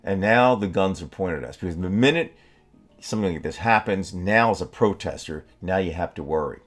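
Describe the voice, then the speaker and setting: A man co-hosting a political talk show, speaking in a heated, halting way with many restarts and curses. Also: low voice, lively intonation, soft background music. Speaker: podcast co-host.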